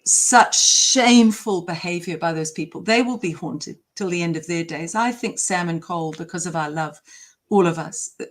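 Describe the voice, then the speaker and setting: A woman from New Zealand, speaking with a fairly low pitch at a moderate pace, is an impassioned interview guest. She sounds emphatic, emotional and indignant.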